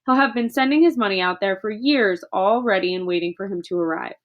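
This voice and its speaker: A woman reading aloud, voicing a kind schoolteacher who speaks softly and calmly. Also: medium pitch, fairly quick, dull audio, lightly acted. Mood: gentle. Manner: soft and calm.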